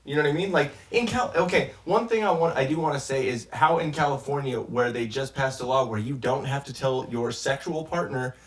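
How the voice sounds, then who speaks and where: A man's voice: mid-range voice, a little fast, few pauses, distant mic. Man, casual reaction podcast, ranting, profane, echoey room. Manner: ranting, profane, rambling with restarts. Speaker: podcast co-host reacting to a clip.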